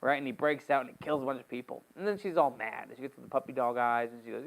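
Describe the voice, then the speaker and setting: A man teaching a casual Bible study, retelling the story in an animated, slangy, joking way. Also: mid-range voice, fast, vocal fry, poor audio.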